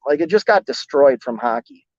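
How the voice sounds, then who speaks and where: A relaxed man rambles through viewer comments on his trucking stream, joking at his own expense. The sound is dull and lo-fi, and it is dry and close with no room echo. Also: fairly high pitch, a little fast. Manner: rambling, easygoing, self-deprecating, many "like"s. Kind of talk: casual live-stream chat reading comments.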